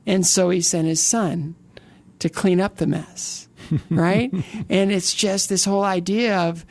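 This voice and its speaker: Rambling middle-aged man with gravelly voice. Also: high voice, steady tone, measured pace, a little mellow. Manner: rambling, restarts sentences, joking asides. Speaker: interview guest. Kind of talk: casual interview, personal testimony.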